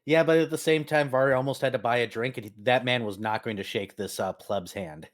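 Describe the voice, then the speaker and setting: A man's voice: mid-range voice, brisk. Man running a tabletop game. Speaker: game master.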